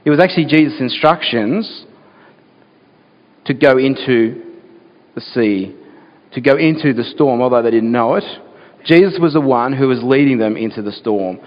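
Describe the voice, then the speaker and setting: Male pastor with a middle-pitched voice, preaching earnestly in a church hall with a long echo. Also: normal speed, pauses often. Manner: earnest, asks the listeners rhetorical questions. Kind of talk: sermon. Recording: dull sound with long hall reverb.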